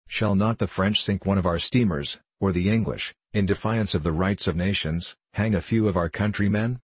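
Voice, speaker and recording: A man's voice: deep voice, normal speed, breathy edge, dry recording. A man reading as J T Maston, a fiery old gunner. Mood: blustering. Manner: blustering, indignant outbursts. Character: fiery old male gunnery veteran, warmongering. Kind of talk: audiobook character reading.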